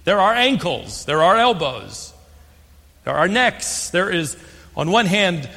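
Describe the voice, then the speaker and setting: An older American man preaching a sermon as pastor, stressing key words and slowing for emphasis. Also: high-pitched, big pitch swings, creaky, pushed and bright, long reverb tail. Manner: emphatic, slows on key phrases.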